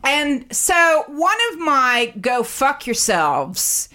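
A woman telling a story as a sharp, profane, fast-talking rant on a comedy show. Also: high voice, very animated. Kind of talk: ranting comedic monologue.

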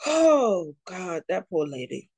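A woman's voice: fairly low pitch, very animated, slow pace, darkish tone, slightly rough. A woman co-hosting a podcast in casual chat, ranting bluntly and with exasperation, swearing often. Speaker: podcast co-host.

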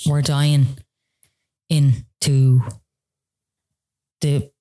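A woman guest on a podcast tearfully retells a hard personal story, earnest and full of fillers and restarts. Her voice is a rumbling low with a warm tone and a flat, extremely slow delivery.

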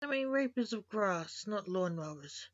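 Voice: medium pitch, lively intonation, unhurried, fairly bright tone, no echo. A storyteller voicing a sarcastic, joking male reaper who is a father, on a dull lo-fi recording. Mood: dry.

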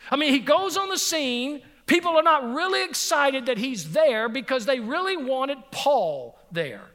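A middle-aged male pastor preaches with an unusually high-pitched voice, stressing his points by repeating them and sometimes dropping to near-quiet. His voice rings out with a long reverb, as if in a big church sanctuary. He tells a personal story in plain sermon style. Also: sing-song, a little slow. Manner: emphatic, repeats phrases for effect, drops to a soft voice on key points.

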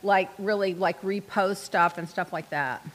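A woman's voice: mid-range voice, measured pace, big-room sound. A woman hosting a podcast in a studio, chatting casually and laughing often as she tells stories. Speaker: podcast host. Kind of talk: casual chat.

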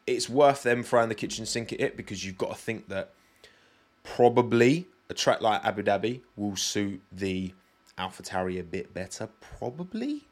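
A man's voice: lowish voice, steady tone, normal speed. A young British man with a British accent hosting a podcast, chatting loosely and directly to his live audience with plenty of self-deprecating asides. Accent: British English. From Britain. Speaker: podcast host. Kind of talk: casual solo chat with live chat.

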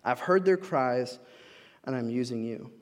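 A man's voice: medium pitch, animated, a little slow. A young adult man preaching a conversational sermon, with casual fillers and restarts, acting out quoted voices. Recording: long hall reverb.

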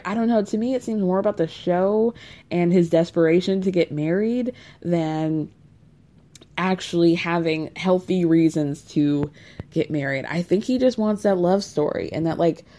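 A woman hosting a casual recap of a reality show, talking to her viewers in an animated, gossipy way and laughing often. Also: on the low side.

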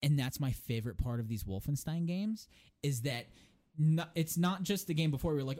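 A man's voice: a little high, brisk. A man co-hosting a casual podcast, retelling a story with lots of energy and frequent laughs. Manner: animated storytelling, laughs often. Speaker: podcast co-host. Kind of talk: casual chat.

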